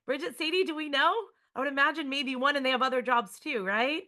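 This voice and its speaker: Woman, museum educator, online student lesson, chatty, frequent tag questions, bright voice. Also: high-pitched, a little fast. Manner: lively, chatty, often checks in with a tag question.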